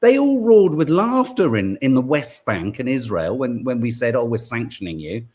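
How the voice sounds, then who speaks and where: A man's voice: mid-range voice, very animated, normal speed, a little mellow. A man hosting a podcast, giving indignant, sweary political commentary. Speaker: podcast co-host.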